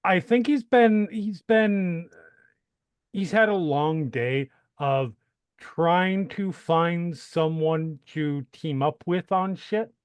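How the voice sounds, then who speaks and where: A man playing a tabletop role-playing game, slowly and jokingly rambling about his character. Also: on the high side, smooth, dry recording. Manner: slow, rambling, jokey. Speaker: player.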